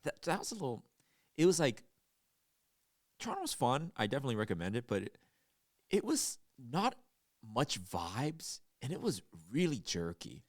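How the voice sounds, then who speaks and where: Young man, podcast co-host, casual chat, laughs often, lively pitch, dry close sound. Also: normal speed, pauses often, no room sound. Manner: laughs often, animated retelling with acted-out quotes.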